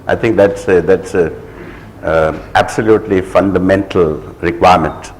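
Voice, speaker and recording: Filmmaker panelist, low voice, thoughtful and hesitant. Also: male voice, fairly even intonation, moderate pace, slight background noise, low-quality recording. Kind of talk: panel discussion. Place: festival hall.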